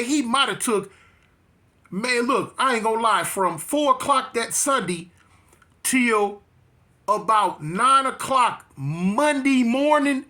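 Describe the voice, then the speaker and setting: A man's voice: very high-pitched, bright, forceful tone. A man casually telling a story, with streetwise slang, emphatic repeats and frequent restarts. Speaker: interview guest.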